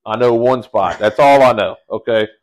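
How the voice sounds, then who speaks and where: Guy with telling a story on a podcast, lively, lots of bro and dude. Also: medium pitch, normal speed. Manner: animated storyteller, slangy, says bro and dude. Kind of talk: casual chat.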